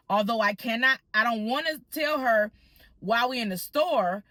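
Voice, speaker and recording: Animated storytelling woman, dry sound. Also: medium pitch, normal speed, no echo. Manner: animated, addresses viewers as y'all, acts out quoted voices. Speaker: vlogger. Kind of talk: casual storytime.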